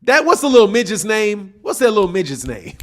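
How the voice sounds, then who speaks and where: Middle-aged male host, high-pitched, casual slangy banter with live chat. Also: big pitch swings, a little fast, a bit bright. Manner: loose, joking, talks back to chat with slang. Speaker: boxing channel host reading live chat.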